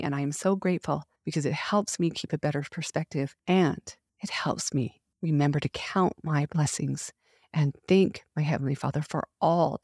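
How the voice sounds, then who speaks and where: A woman's voice: sits low, a little mellow, slightly rough, dry recording, studio quality. A middle-aged woman hosting a faith podcast, speaking in an earnest, heartfelt, emphatic way. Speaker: podcast host. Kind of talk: faith devotional talk.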